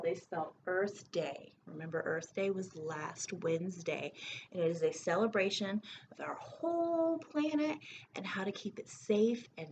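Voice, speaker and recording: A woman teaching preschoolers a recorded phonics lesson, stretching out letter sounds in a slow, sing-song way. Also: mid-range voice, darkish tone, muffled recording, slight background noise.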